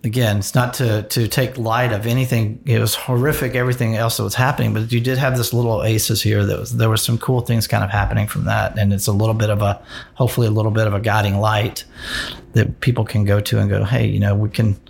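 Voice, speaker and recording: A man, a fashion designer talking in a relaxed, rambling interview, with lots of restarts and "you know". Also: on the low side, fast, creaky, slight background noise. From American South.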